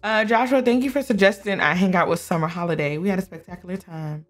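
A woman's voice: medium pitch, very animated, quick pace, hardly any pauses. Young woman, chatty gameplay talk, bosses her sims around, laughs a lot, faint music behind. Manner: chatty, talks to her characters, laughs often. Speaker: gameplay streamer. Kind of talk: casual gameplay commentary.

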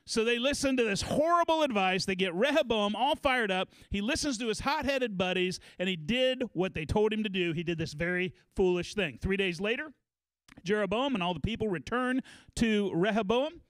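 A man preaching a sermon as pastor of a church, telling a story with lively, animated delivery. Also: high-pitched, normal speed, dry recording. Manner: animated storytelling, acts out quotes.

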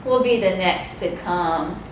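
A woman leading a children's storytime, reading aloud in a slow, sing-song, expressive way. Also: lowish voice, slight background noise. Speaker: children's librarian. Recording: echoey room, mic far off.

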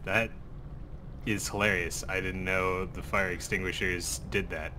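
A man's voice: sits low, fairly even intonation, unhurried, bright, forceful tone, slight background noise. A young man chatting casually while gaming with a friend, teasing him in a dry way. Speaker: co-player. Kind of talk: casual gameplay chat. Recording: keyboard typing behind.

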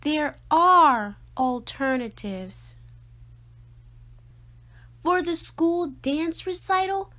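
A woman reading a children's picture book aloud in a slow, expressive, sing-song way. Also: sits high. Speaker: storyteller.

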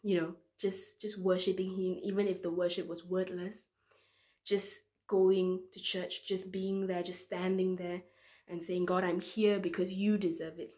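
A woman's voice: on the low side, unhurried. A young woman in her twenties, a medical student preaching, telling a personal testimony in an earnest, emotional way, acting out her prayers with feeling. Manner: earnest, emotional storytelling with lively quoted prayers. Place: church online service recording.

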